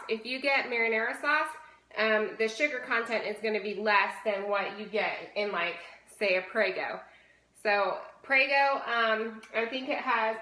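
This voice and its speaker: Bright-voiced woman demoing a recipe. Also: on the high side, roomy sound, poor audio. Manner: chatty, instructive, frequent "okay?" check-ins. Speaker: fitness challenge host. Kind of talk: casual cooking demonstration.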